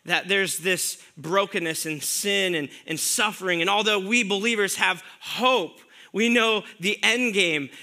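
A man preaching a sermon to a congregation, conversational and earnest, asking the listeners rhetorical questions and dropping soft on key words. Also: high voice. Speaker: pastor.

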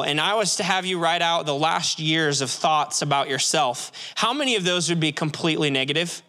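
A male pastor delivers a sermon with an earnest, questioning manner. His voice sits high and carries a bright, forward tone. He drops his pace to lean on key phrases. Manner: earnest, slows for emphasis, asks the congregation questions.

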